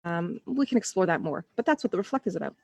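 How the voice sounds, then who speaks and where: Quick and animated, this woman's fairly low voice has a creaky, darkish tone. Likely in her thirties, the parenting coach talks earnestly to parents in a live online session, frequently restarting sentences and voicing her inner thoughts.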